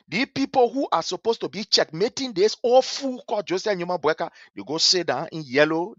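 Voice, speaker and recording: A man's voice: on the high side, dry recording. A Liberian man giving impassioned political commentary, scornful and emphatic, hammering his points with repetition. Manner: scornful and emphatic, repeats phrases for effect. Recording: dull lo-fi stream audio.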